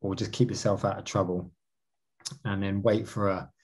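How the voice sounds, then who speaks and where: A man's voice: lowish voice, flat delivery, normal speed, darkish tone, husky. A man answering interview questions about his racing career, talking animatedly with many restarts. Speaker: marathon canoe racer.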